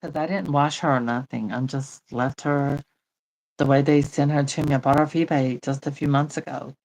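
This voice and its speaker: A woman's voice: sits low, fairly even intonation, moderate pace, darkish tone, poor audio. A woman hosting a doll channel, chatting casually while she demonstrates.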